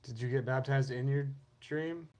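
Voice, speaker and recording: A man's voice: mid-range voice, fairly even intonation, moderate pace, darkish tone. A man co-hosting a casual podcast, talking in a dry, matter-of-fact way. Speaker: podcast co-host.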